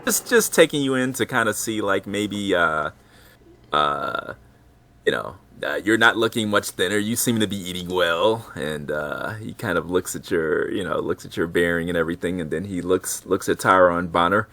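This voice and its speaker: A man narrating as game master of a tabletop role-playing game, talking with many fillers and pauses. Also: low voice, expressive, sharp tone. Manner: hesitant, many fillers, voices a gruff ship captain in quotes.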